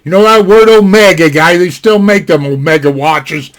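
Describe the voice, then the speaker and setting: High-voiced older man rambling folksily. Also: normal speed. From Montana, USA. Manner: rambling, folksy, full of "you know" asides. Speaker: storyteller. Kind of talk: casual spoken anecdote. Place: home desk. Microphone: desktop mic.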